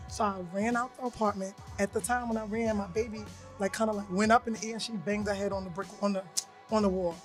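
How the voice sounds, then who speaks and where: A woman's voice: mid-range voice, fairly even intonation, fast talker, faint music behind. A woman co-hosting a podcast, telling a personal story bluntly in casual chat and acting out the voices she quotes. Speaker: podcast co-host.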